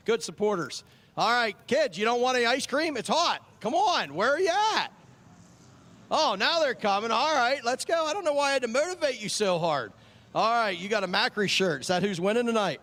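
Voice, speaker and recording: A man's voice: extremely high pitch, animated, brisk, a bit bright. A man working as a track chaplain, chatting with kids in a friendly, joking way and repeating their names back to them, outdoors at a speedway. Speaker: track chaplain handing out ice cream vouchers. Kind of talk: casual chat with kids over a PA.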